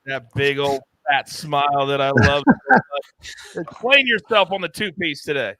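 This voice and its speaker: A man's voice: on the high side, unhurried, a crowd in the background. A middle-aged man hosting a sports betting show, running through picks in an emphatic, playful way with big jumps in his voice. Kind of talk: energetic sports betting recap.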